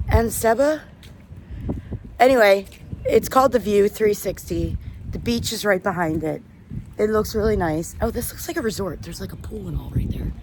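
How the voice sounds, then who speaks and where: A woman's voice: medium pitch, darkish tone. A woman vlogging casually to camera, chatting with enthusiasm about food and places while out and about. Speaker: travel vlogger. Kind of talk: casual vlog narration to camera. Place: outdoors and in cafes, on the move. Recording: background noise from street and traffic.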